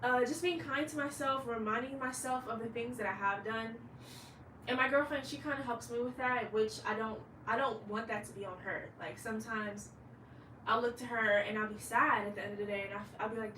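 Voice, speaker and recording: A woman's voice: a little high, fairly quick, bright, forceful tone, reverberant, distant mic, a little hiss or hum, low-quality recording. A woman in her late twenties, a fashion designer, talking candidly in a rambling vlog monologue and swearing freely. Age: late 20s.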